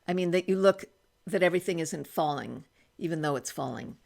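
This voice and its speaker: A woman's voice: low voice, animated, fairly quick, vocal fry, darkish tone. A woman in her eighties chatting casually while trying on makeup in a small room at home, thinking aloud and restarting her sentences. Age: 80s. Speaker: beauty vlogger. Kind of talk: casual makeup try-on vlog.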